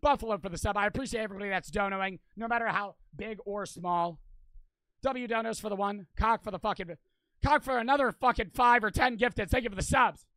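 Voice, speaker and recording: Young male streamer, casual, profane, reading donations fast; high, bright, dry. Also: no room sound. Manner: swears constantly, rattles off donor thanks. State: out of breath. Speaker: livestreamer. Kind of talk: casual charity livestream chat.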